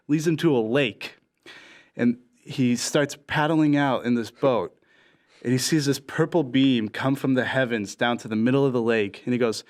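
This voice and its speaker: A young adult man, a guest on a casual podcast, tells a long shaggy-dog joke and performs the characters' lines himself. His voice is mid-range with a moderate pace.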